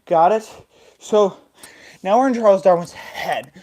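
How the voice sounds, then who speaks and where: A woman's voice: mid-range voice, measured pace, dark tone. A woman hosting, telling a rambling improvised comic story with giggles and silly sound effects. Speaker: host.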